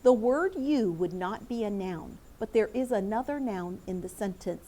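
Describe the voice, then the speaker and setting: A middle-aged woman teaching a classroom lesson, speaking clearly and encouragingly as she calls on students by name. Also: mid-range voice, lively intonation, moderate pace, mellow, slight background noise.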